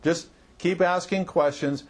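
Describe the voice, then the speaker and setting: A man's voice: a little high, steady tone, a little slow. A middle-aged man coaching auto service writers in a conversational training talk, acting out what customers and staff say. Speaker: marketing coach.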